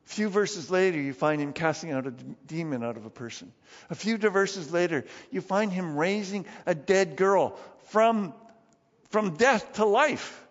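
A man with a high voice preaching a sermon in a church hall with long reverb. He is lively and talks casually, acting out the scenes he tells. The sound is dull. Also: moderate pace. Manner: animated, acts out Bible scenes. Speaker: pastor.

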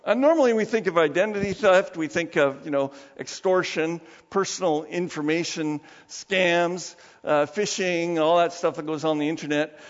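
Pastor in a reverberant hall. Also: male voice, fairly high pitch. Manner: prays slowly and softly, then tells stories with lively emphasis. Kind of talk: sermon. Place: church sanctuary. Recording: dull sound with long reverb of a church hall.

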